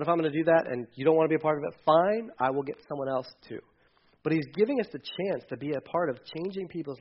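High-voiced man preaching casually. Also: muffled recording. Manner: conversational, acts out quotes in casual voices, many restarts. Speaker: pastor. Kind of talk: sermon.

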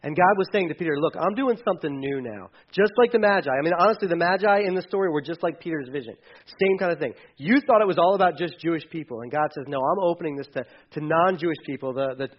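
High-voiced man preaching casually. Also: fast, muffled recording. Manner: conversational, acts out quotes in casual voices, many restarts. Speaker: pastor. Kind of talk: sermon.

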